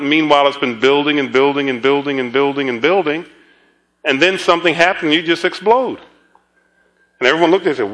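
Male preacher, conversational sermon style, bright and slightly high voice, chuckles through stories. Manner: storytelling, chuckling asides, repeats words.

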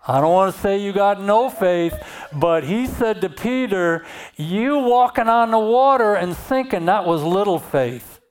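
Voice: mid-range voice, lively intonation, unhurried. A preacher giving a sermon, reading scripture aloud and then explaining it and repeating key phrases.

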